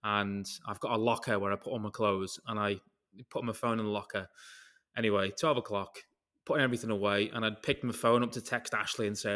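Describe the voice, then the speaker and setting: A man's voice: on the low side, steady tone, normal speed, bright, forceful tone. A man with a British accent, hosting a casual podcast chat and telling a long, rambling story full of tangents and casual swearing. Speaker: podcast host.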